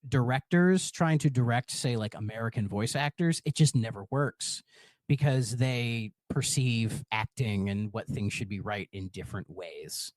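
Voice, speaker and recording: A man co-hosting a casual podcast, animated and quick to laugh, often repeating words as he starts sentences. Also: medium pitch, no room sound. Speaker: podcast co-host.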